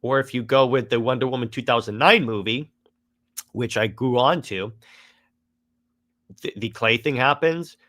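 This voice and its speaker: A man's voice: medium pitch, moderate pace, pauses often, sharp tone. A man giving a casual, exasperated critique of a comic run, rambling with frequent restarts.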